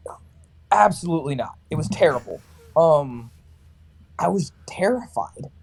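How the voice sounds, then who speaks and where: Male, thirties, singer from California, warm mellow tone, talks in lively anecdotes and acts out the other voices. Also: on the high side, unhurried, creaky, slightly rough. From Sacramento, California. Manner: animated, acts out other people's lines. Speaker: metalcore band vocalist and barber. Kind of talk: casual storytelling in a podcast interview.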